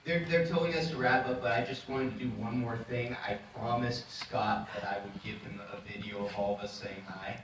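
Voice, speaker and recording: A man's voice: mid-range voice, fairly even intonation, normal speed, few pauses, noisy background. A man moderating a convention panel in a friendly, joking way. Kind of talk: casual panel hosting. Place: large convention hall. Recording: echoey convention hall, distant mic, crowd.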